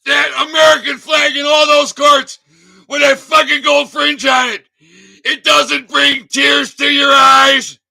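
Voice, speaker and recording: A man hosting his own channel, delivering a fervent rant full of hammering rhetorical questions, often shouting, his voice cracking with emotion. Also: very high-pitched, little pitch movement, takes it slowly, gravelly. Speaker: channel host. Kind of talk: impassioned livestream rant.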